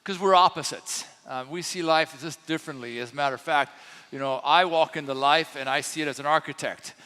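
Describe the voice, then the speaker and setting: A man's voice: on the high side, fairly quick, bright, forceful tone, clear, resonant tone. A man in his sixties from France with a light French accent, preaching a sermon as co-pastor in a chatty, storytelling way. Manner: storytelling, chatty with many fillers. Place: church sanctuary. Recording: long reverb from a church hall.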